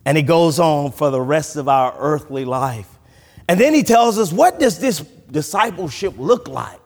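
A man preaching a sermon as pastor, animated, often restarting his sentences. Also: a little high, normal speed. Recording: long reverb from a large hall.

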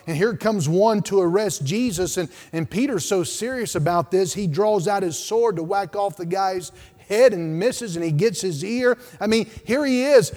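Man, pastor preaching, higher voice, hushed to loud swings, long church reverb. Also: moderate pace. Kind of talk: sermon.

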